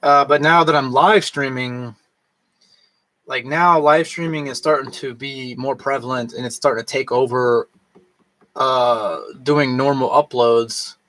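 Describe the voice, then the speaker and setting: A man in his thirties talking in a loose, rambling way while tipsy, swearing freely and mimicking other people in a higher voice. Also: steady tone, unhurried, fairly bright tone, no echo. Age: 30s. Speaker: vlogger. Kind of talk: casual rambling monologue.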